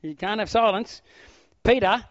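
A middle-aged male pastor with a slightly high voice delivers a sermon at an unhurried pace, swinging energetically between loud outbursts and soft near-whispers. The recording is close and dry, with no room or echo, and sounds somewhat dull and lo-fi.

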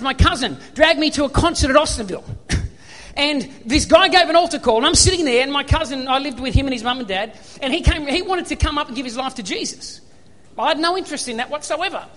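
High-voiced Australian man preaching. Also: animated, fast, bright, forceful tone, in a large hall. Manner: storytelling, acts out remembered dialogue. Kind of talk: sermon.

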